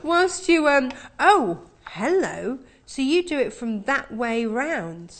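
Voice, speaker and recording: A woman's voice: sits high, big pitch swings, slow. Chatty woman presenting live shopping TV. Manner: chatty, upbeat selling patter. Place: TV studio.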